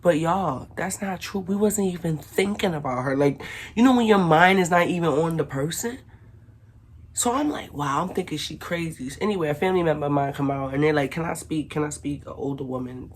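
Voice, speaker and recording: Husky animated woman telling a story. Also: deep voice, a little fast. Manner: animated, slangy storytelling with acted-out quotes. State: recovering from illness. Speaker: vlogger. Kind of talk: casual storytime.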